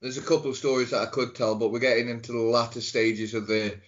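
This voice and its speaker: A man's voice: medium pitch, level tone, quick pace. A nasal young man with a Stoke-on-Trent accent, a podcast guest who banters and jokes in casual chat. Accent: Stoke-on-Trent English. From Stoke-on-Trent, England. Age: young adult. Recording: dull lo-fi audio.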